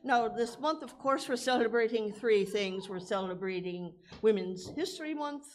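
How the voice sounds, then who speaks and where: A woman's voice: fairly high pitch, normal speed. An older woman with a put-on Irish brogue, giving a playful, folksy welcome in a church sanctuary. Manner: playful, folksy, self-mocking. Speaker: lay speaker at a church service. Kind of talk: brief jokey welcome.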